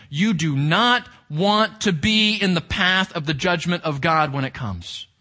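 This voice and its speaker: A man's voice: a little high, pushed and bright. A male pastor preaching a sermon with emphasis, reading scripture aloud and asking the congregation rhetorical questions.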